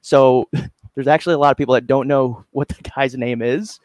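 A man guesting on a podcast as a company representative, relaxed and modest, with some hesitant fillers. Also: medium pitch, normal speed, no echo. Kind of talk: casual interview chat.

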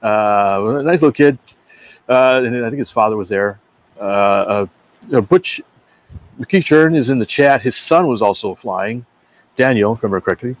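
A man's voice: mid-range voice, moderate pace. A man hosting a casual chat, rambling with many fillers. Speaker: podcast host.

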